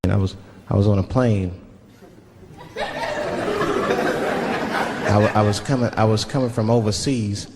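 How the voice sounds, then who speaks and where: A man's voice: lowish voice, fairly even intonation, unhurried, pauses often, very noisy. A male stand-up comedian telling loose stories on stage, breaking into voiced asides. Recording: live stage with loud audience laughter.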